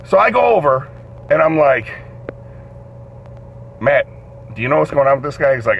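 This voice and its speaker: A man hosting a live show, telling a story in an animated way, swearing and acting out the voices in it. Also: mid-range voice, normal speed, creaky. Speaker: host. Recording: dull lo-fi stream audio with faint noise.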